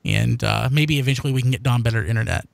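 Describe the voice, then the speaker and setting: A man's voice: mid-range voice, fast, creaky, no room sound. A man co-hosting a live-streamed fan podcast in casual chat, rambling and plugging links. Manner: animated, rambling, promotes links. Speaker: podcast co-host.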